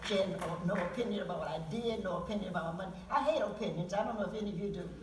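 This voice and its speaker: A woman's voice: mid-range voice, racing, background noise. Candid older woman poet, roomy hall. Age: 70s. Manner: candid, chuckling asides. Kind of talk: storytelling talk with poetry reading. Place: auditorium at a public event. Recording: roomy sound from a distant mic.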